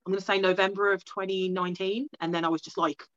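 A young woman from England tells her story at a rapid clip, stringing thoughts together with "like" and little acted-out quotes of herself. The sound is close and dry, with a slightly dull, lo-fi edge. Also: mid-range voice, little pitch movement, fairly bright tone, dry recording. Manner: fast, rambling, lots of "like" and quoted self-talk. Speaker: guest. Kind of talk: casual storytelling interview.

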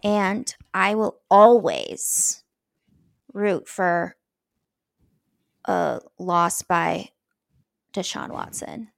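A woman's voice: lowish voice, extremely slow, gravelly, long pauses, dry recording, studio quality. A woman co-hosting a podcast, easygoing and easily distracted in casual chat. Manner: easygoing, distractible, laughs often. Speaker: podcast co-host.

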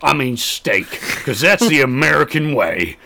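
A tipsy young man co-hosting a podcast, loud, crude and rambling, swearing often. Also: medium pitch, big pitch swings, unhurried, creaky, slight background noise. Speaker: podcast co-host. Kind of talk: casual drunk banter.

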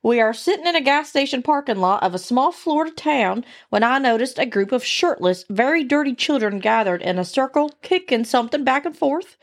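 A woman's voice: high voice, huge pitch swings, a bit bright, pitched above the performer's own voice, full character voice. A woman putting on a crude country deer hunter. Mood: scandalized. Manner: put-on country accent, drawn-out cursing. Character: crude rural deer hunter telling a story. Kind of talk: comic dramatic reading.

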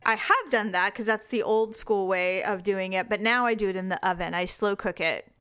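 A woman's voice: medium pitch, normal speed, fairly bright tone, smooth, no echo, studio quality. A woman co-hosting a podcast in casual chat. She is chatty and laughs often. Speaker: podcast co-host.

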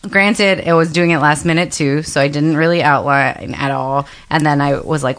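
A woman co-hosts a podcast in casual chat. Her voice is deep, and she talks hesitantly with many fillers. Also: fairly even intonation, normal speed, few pauses, fairly bright tone.

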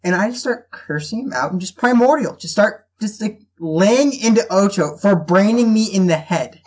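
A woman chatting casually as a player in a tabletop game, laughing and animated. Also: mid-range voice, moderate pace, husky.

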